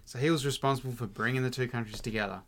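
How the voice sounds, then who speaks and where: A man hosting a podcast, with a bright, forward voice at a middle pitch. He tells stories in an easygoing, chatty way and laughs easily along the way. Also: very fast. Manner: relaxed anecdotal storyteller, laughs easily. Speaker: podcast host. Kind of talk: casual storytelling.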